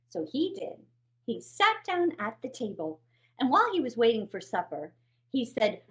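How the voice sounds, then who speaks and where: A woman's voice: fairly high pitch, wildly swooping pitch, measured pace, fairly bright tone. A woman hosting a children's storytime, playfully reading a fairy tale aloud with puppets. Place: home, recorded for a livestream.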